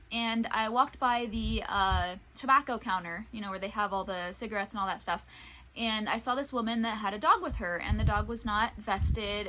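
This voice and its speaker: A young woman vlogging about life with her service dog, retelling stories in a casual, animated way and acting out what people said. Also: on the high side, rough recording. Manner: animated retelling, acts out quoted voices. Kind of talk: casual storytelling vlog.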